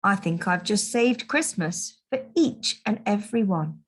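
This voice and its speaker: A woman's voice: medium pitch, expressive, measured pace. A woman voicing a small, sheepish, good-hearted male skunk in a storybook reading, in an earnest, slightly rueful way.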